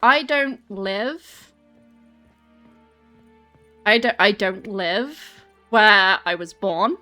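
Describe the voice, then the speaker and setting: A woman's voice: medium pitch, lively intonation, drawn-out words, pushed and bright, soft background music. An English woman streamer chatting casually with her viewers and answering chat while walking on a treadmill. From England. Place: home, on a treadmill.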